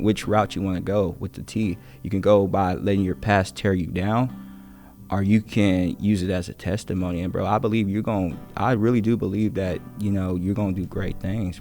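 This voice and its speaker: A man's voice: low voice, fairly even intonation, normal speed, warm tone, faint music behind. A man, a teacher hosting a podcast, talks with a student in an earnest, encouraging and casual way, full of fillers and slang. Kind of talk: earnest conversational interview.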